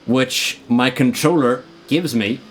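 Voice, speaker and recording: A man's voice: mid-range voice, slow pace, a little hiss or hum. A young man streaming a racing game live, joking around and swearing in frustration as he talks to his chat.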